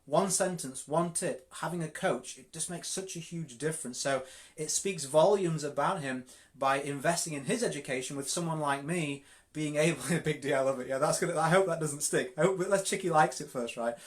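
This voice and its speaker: A man's voice: fairly high pitch, moderate pace. Emphatic Yorkshire man coaching live. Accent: Yorkshire English. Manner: direct, emphatic, repeats words for stress. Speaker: network marketing coach. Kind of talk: live-streamed coaching talk.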